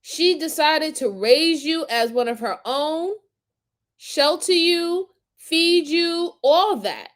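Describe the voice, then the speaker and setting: A woman hosting a crime-commentary live stream, her voice sitting a little high. She talks slowly and reacts with animated indignation while answering her chat viewers. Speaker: host reacting to crime videos.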